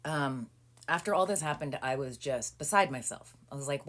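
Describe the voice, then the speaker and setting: A woman telling a personal story in a casual, chatty monologue, full of fillers and acted-out quotes. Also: normal speed. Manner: animated, acting out quoted people with rising pitch and volume; chatty with frequent "um" and "like". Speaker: storyteller recounting a personal legal ordeal.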